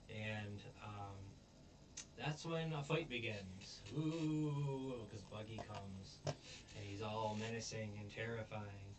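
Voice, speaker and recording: Recapping a show episode casually, this reviewer speaks slowly in a lowish voice with long pauses, full of ums and restarts. He sometimes acts out characters' quotes, and his voice is distant from the mic over a little hiss or hum.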